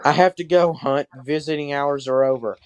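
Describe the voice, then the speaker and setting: A man's voice: a little high, steady tone, moderate pace, clean tone, no room sound, highs cut off, natural voice. A man voicing a tearful, lovesick male wrestler in a pleading, emotional way.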